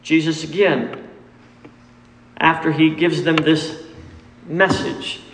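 A man's voice: fairly high pitch, level tone, slow, a bit bright, echoey room, long reverb tail, slight background noise, poor audio. A man preaching a sermon in church, emphatic and repetitive, quizzing his congregation as he goes. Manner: emphatic, repeats key points and quizzes the congregation. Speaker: pastor. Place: church sanctuary.

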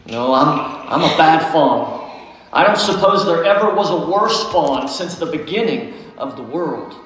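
Man reading as a tearful stammering fawn, guilt-ridden, high voice, big echoey hall. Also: animated, slow pace, fairly bright tone, heavily acted. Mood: sobbing. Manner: sobbing, stammering. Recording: echoey hall, faint noise.

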